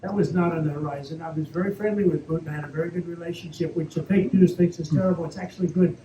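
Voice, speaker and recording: A fast-talking man with a voice on the high side and a steady tone answers questions off the cuff as a politician before a live crowd at a private club's event hall. Expect repetition, boasting and rambling tangents. The capture is echoey and dull, with a little noise.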